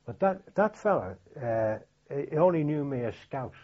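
An older man from Liverpool with a Liverpool accent, recalling wartime memories in an oral history interview, halting and plain-spoken with many restarts. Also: medium pitch, sing-song. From Liverpool, England. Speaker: veteran interviewee. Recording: dull lo-fi recording.

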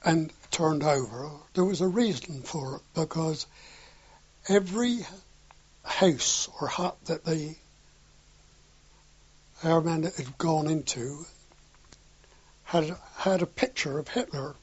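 A man's voice: on the high side, takes it slowly, pauses often, slightly rough, no echo. An older man telling a wartime anecdote in an oral history interview, acting out the dialogue with a chuckle now and then. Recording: dull lo-fi recording.

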